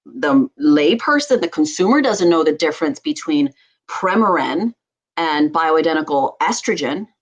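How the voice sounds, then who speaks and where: A woman doctor hosting a health talk show, speaking with a somewhat low voice. She talks with animated passion and laughs often. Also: a little slow, poor audio. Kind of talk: casual talk show chat.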